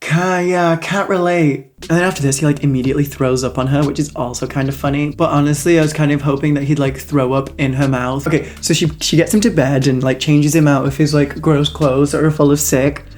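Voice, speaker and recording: A young woman with a notably low voice talks straight to camera in a casual vlog, picking apart a movie. She is sarcastic and mocking, tossing in swear words and plenty of "like.". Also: steady tone, brisk, hardly any pauses, darkish tone. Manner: snarky, mocking, peppered with swearing and "like". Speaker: movie reviewer.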